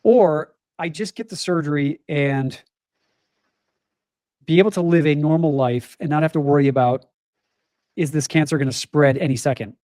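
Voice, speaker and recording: A man's voice: fairly high pitch, normal speed, long pauses, darkish tone, dry recording. A middle-aged man speaking as a guest in an interview, talking in an earnest, open and reflective way. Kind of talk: candid interview conversation.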